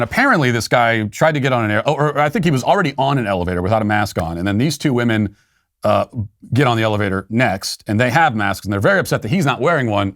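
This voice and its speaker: A man's voice: mid-range voice, fairly bright tone, no echo, studio quality. A man hosting a commentary show, talking casually with sarcastic, wry asides. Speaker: podcast host.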